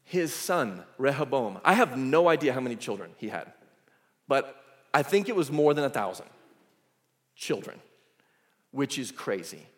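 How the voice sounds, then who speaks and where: A male pastor delivering a sermon, telling the story in a lively, casual way with asides. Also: medium pitch, normal speed, pauses often. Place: church sanctuary. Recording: echoey church hall.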